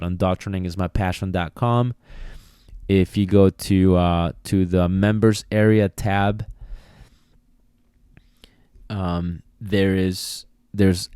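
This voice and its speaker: Speaking into a podcast mic, a man with a deep, warm, smooth voice explains dog training. He's casual and repetitive, sometimes acting out commands, and the recording is dry and studio quality.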